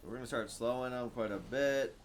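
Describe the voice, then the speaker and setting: A young man streaming a card game, casual and excitable, muttering to himself and then breaking into loud shouts. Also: mid-range voice, a little fast. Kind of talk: casual gameplay commentary.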